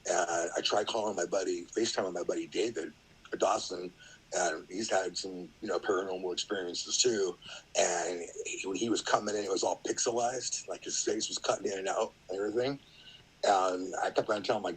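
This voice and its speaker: A man's voice: low-pitched, moderate pace, slightly rough, rough recording. A middle-aged man, a podcast guest, telling a story in a rambling, casual way, full of fillers and acted-out quotes.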